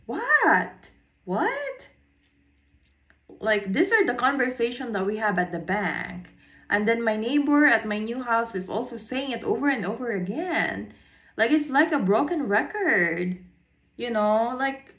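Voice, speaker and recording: A woman's voice: on the high side, fairly bright tone, reverberant. A woman, telling a rambling story to camera in a casual vlog, repeating herself and mixing in Tagalog. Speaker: vlogger.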